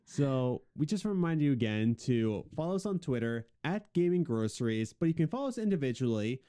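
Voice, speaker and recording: A young adult man co-hosts a podcast, chatting casually and rambling with a jokey, self-mocking manner. His medium-pitched voice is very animated, warm, clear and resonant, at a normal speed.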